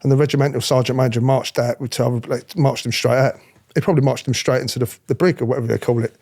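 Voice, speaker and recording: A man's voice: medium pitch, fast talker. A middle-aged man, a former royal protection officer, telling blunt stories in an interview, swearing and mimicking the people he talks about. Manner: blunt, animated, swears freely, mimics others. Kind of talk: candid storytelling interview.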